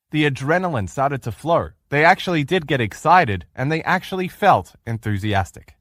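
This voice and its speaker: A man giving a motivational lecture as a relationship coach, telling stories with emphatic, lively delivery. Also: medium pitch, dry recording, studio quality. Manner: emphatic animated storyteller.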